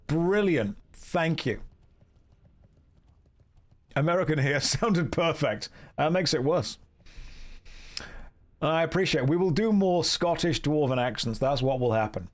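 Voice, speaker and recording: A man streams a game and chats casually with his viewers, full of jokes. His voice sits a touch high, and his tone stays loose and playful as he reads comments aloud. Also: expressive, a little slow, long pauses. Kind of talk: casual live-stream chat.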